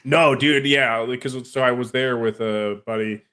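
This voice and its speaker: A man from New Jersey spins loose, rambling stories across the table in casual podcast talk. He sits at an everyday middle pitch. He keeps the chat easygoing as he winds through his anecdotes. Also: fairly even intonation, normal speed, fairly bright tone, clean tone. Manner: rambling storyteller, acts out the people he quotes.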